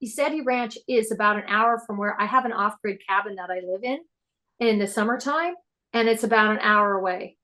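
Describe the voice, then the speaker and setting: A woman guest on a podcast, telling personal stories in an excitable, animated way. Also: mid-range voice, fairly quick. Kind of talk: casual spiritual interview chat.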